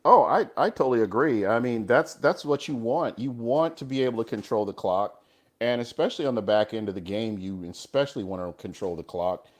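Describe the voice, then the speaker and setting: A man's voice: medium pitch, a little fast. A man co-hosting a casual sports talk show, agreeable and often restarting his words. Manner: agreeable, restarts words, uses "you know". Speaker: co-host.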